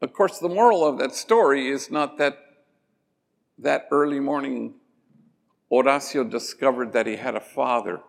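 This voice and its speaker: A man, a priest, telling stories in a gentle, slow sermon-like talk that drops to soft endings. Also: mid-range voice, vocal fry. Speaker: priest and speaker. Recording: long reverb of a large hall.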